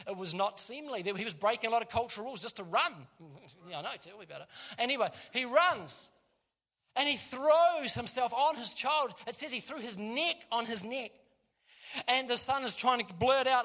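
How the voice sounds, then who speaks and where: High, bright-voiced New preacher. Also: male voice. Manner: lively storytelling with joking asides to the congregation. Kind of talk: sermon.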